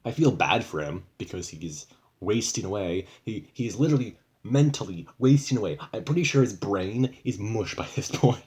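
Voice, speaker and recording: A young man talks straight to his camera in a loose, rambling vlog, swearing often and sounding fed up. His voice sits fairly low for a man. He restarts sentences and piles on asides as he vents. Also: lively intonation, normal speed, a little mellow. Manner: rambling, profane, frustrated. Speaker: vlogger. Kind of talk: casual venting vlog.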